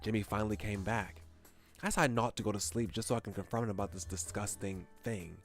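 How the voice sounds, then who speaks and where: A young high-school guy narrates his own misadventures, read aloud by a man. The voice sits a little low, the telling is lively and exclaims at the gross moments, and quiet game music plays underneath. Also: quick pace, close to an everyday voice.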